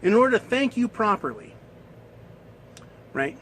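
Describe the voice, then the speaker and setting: A man's voice: high-pitched, big pitch swings, unhurried, a bit bright, a little hiss or hum, pitched above the performer's own voice, exaggerated voice. A man voicing a smug male genie who grandly grants wishes. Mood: showy. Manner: grand, showy.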